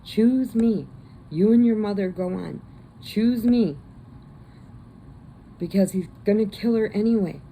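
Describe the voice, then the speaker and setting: A woman's voice: medium pitch, measured pace, long pauses, dark tone, a little hiss or hum, pitched above the performer's own voice, natural voice, rough recording. Woman doing a desperate, urgent father. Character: desperate father begging to be sacrificed.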